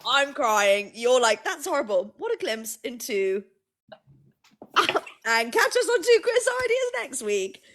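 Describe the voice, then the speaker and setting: A woman's voice: sits high, very animated, slow pace, fairly bright tone. A young woman co-hosting a live podcast stream, chatting casually and teasing her co-host. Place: indoors at a shared table.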